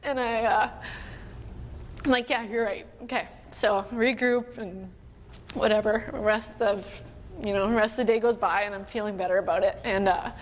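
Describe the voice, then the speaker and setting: A woman's voice: mid-range voice, fairly even intonation, normal speed. Chatty woman storyteller in a reverberant hall. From Canada. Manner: chatty, many "like"s, quotes others, emotional at moments. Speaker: conference speaker. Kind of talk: personal storytelling talk. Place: conference hall. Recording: long hall reverb, faint room noise.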